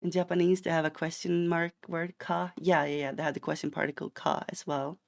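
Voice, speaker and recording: Playful Swedish man with a gravelly voice. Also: on the high side, little pitch movement, a little fast. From Sweden. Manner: playful, rambling, mock-indignant outbursts. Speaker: streamer. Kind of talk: casual chat while gaming.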